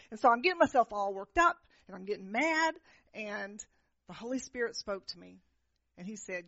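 A woman minister preaching a sermon, telling personal stories in an animated way and often asking the crowd "right?". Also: mid-range voice, normal speed, no echo. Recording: dull lo-fi, dry sound.

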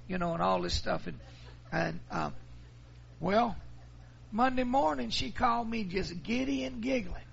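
Brief: middle-aged pastor, gravelly fry, slightly higher voice, muffled recording. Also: male voice, normal speed, fairly bright tone, a little hiss or hum. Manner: folksy storytelling. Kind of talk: sermon.

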